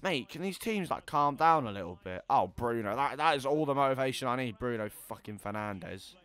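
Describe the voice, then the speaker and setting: An eighteen-year-old man giving casual gameplay commentary, chatty and swearing, yelling at the game. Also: mid-range voice, lively intonation, a little fast, no room sound. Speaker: gaming YouTuber.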